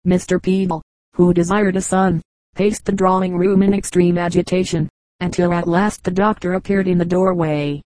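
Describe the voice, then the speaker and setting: A woman reading a collection of short jokes aloud as a steady, unhurried audiobook narration. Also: fairly low pitch, dry recording, poor audio. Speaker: audiobook reader.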